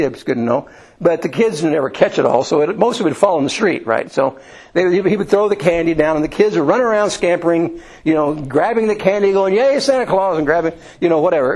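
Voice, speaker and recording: A man from Indiana preaching a sermon in a folksy, storytelling way, often restarting and filling pauses. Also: on the high side, a little mellow, low-quality recording. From Indiana, USA.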